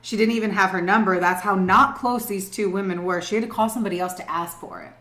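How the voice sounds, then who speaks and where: A woman's voice: medium pitch, fairly even intonation, quick pace, fairly bright tone. A young woman co-hosting a podcast, telling a true-crime story in casual, profane, emphatic chat. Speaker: podcast co-host. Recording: roomy echo.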